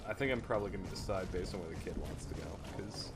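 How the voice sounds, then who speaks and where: Joking, profane gameplay commentator. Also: male voice, on the low side, animated, a little fast, few pauses, background noise. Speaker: let's play host. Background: game music.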